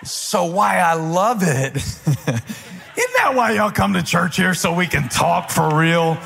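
A man preaching a live sermon in a church, often shouting with passion and sliding into a sung cadence, with playful asides to the congregation. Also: high voice, sing-song, slow, creaky, a little hiss or hum. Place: church sanctuary before a congregation.

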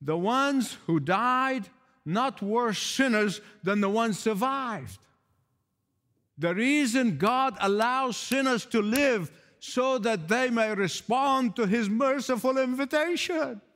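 A man's voice: very high voice, lively intonation, takes it slowly, fairly bright tone, long reverb tail. A man preaching a sermon in an emphatic, pleading way, repeating key phrases for weight. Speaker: pastor.

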